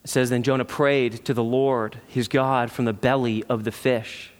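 A medium-pitched male pastor delivers a sermon at a moderate pace in a flat manner, though he still alternates between loud emphasis and quiet reflection. He poses earnest rhetorical questions, and the sanctuary adds long hall reverb.

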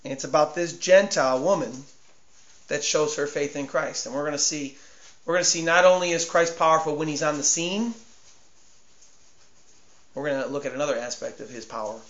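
A man with a high voice preaching a sermon. He swings from hushed asides to near-shouting and repeats words to drive each point home. The recording sounds dull and lo-fi, and the room echoes around him. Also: fairly quick, long pauses. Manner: repeats and stumbles over words for emphasis.

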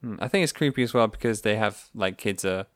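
A man's voice: lowish voice, fast talker, no echo. A young British man co-hosting a podcast, joking playfully in casual chat. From Britain. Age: young adult. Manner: playful, jokey. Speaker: podcast co-host.

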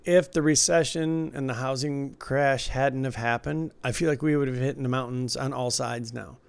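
Michigan-accented man, podcast co-host, loose rambling chat, clear resonant voice, mid pitch. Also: steady tone, normal speed. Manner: loose, rambling, laughs often, says "like" a lot. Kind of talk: casual chat.

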